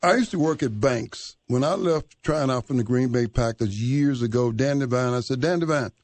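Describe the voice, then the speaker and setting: A man's voice: mid-range voice, moderate pace, darkish tone. A man hosting a sports radio show, chatting casually and breaking in with teasing remarks.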